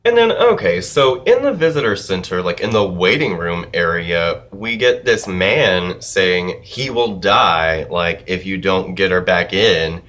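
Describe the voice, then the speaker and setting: Male TV reviewer, low voice, casual, profane, animated rambling. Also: a little slow, hardly any pauses. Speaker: TV episode reviewer.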